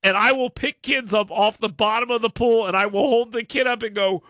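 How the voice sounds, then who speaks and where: A man's voice: high voice, fairly quick, few pauses, bright, forceful tone, no echo, clean studio sound. A man, hosting talk radio in a ranting, exasperated monologue full of stammered restarts.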